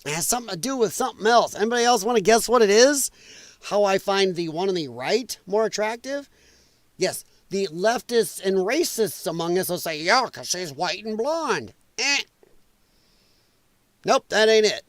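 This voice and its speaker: A man's voice: high voice, animated, normal speed, no echo. A man hosting a podcast livestream, rambling in casual commentary and reacting aloud to viewer chat. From United States. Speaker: podcast host.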